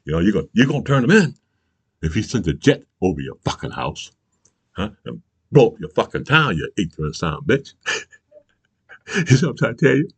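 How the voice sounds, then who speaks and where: A man hosting his own channel, delivering a profane, angry political rant, bursting into shouts and asking "you understand?" again and again. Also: on the low side, very animated, fairly quick, pauses often, husky, dry recording. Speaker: channel host.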